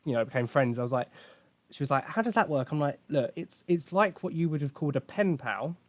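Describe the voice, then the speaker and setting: A man's voice: on the high side, brisk, no room sound. Chatty Essex man on a podcast. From England. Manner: chatty, swearing, jokey storytelling. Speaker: podcast host. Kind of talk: casual chat.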